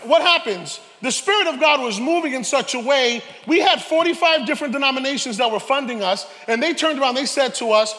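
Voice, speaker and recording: A man preaching a sermon, animated, with joking asides and shouted peaks. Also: very high-pitched, fairly quick, few pauses. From New York, Harlem. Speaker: pastor. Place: church sanctuary. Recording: reverberant church hall.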